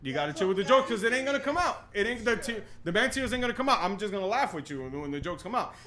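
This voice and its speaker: A young man hosting a podcast in casual chat, excitable and full of "yo", often restarting his sentences. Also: high voice, racing. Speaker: podcast host.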